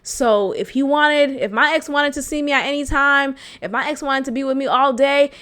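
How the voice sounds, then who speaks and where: Bright high-voiced woman telling a candid story. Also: moderate pace, few pauses. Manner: frank, profane, animated, laughs often. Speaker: podcast host.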